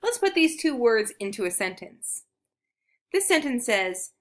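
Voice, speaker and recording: Patient primary teacher, female, lively pitch, unhurried reading-lesson delivery. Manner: encouraging, speaks slowly and clearly to young learners. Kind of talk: early reading lesson for children.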